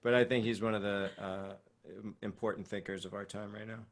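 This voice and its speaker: A young man talking as a podcast guest in a relaxed, rambling way, swearing casually. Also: on the low side, brisk. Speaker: guest, breath coach. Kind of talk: casual chat.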